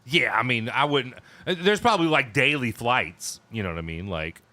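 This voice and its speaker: A man's voice: medium pitch, lively intonation, moderate pace, bright, forceful tone, dry recording. An American man in a band chatting casually on a stream, rambling with lots of fillers and restarts. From United States. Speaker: band member co-hosting a stream chat. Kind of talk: casual chat.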